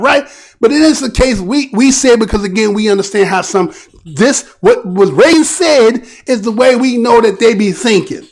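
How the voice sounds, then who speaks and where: American male host with a high, creaky voice; casual, rambling news commentary. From United States. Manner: rambling, conversational, keeps asking "right?".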